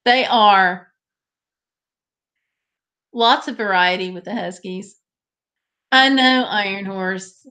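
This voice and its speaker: A woman's voice: medium pitch, slow, pauses often, sharp tone. A woman hosting a live stream, chatting casually and directly with her viewers.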